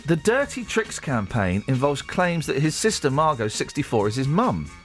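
A man's voice: mid-range voice, very animated, normal speed, faint music behind. A man hosting a morning radio show, joking and rambling as he reads out tabloid stories. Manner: joking, rambling, reads news aloud with asides. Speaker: radio host. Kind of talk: casual radio banter. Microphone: studio microphone.

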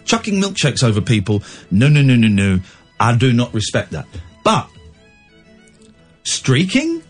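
A man's voice: medium pitch, big pitch swings, moderate pace, faint music behind. A man hosting a radio phone-in, thinking aloud with many restarts. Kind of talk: casual radio talk.

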